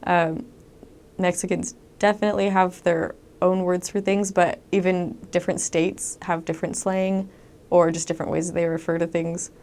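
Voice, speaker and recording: A young woman recounts her missionary experiences in a relaxed, conversational way. Her voice sits a little low, and she peppers her talk with ums and lively quoted asides. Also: moderate pace. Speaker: returned missionary. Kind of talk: casual storytelling monologue.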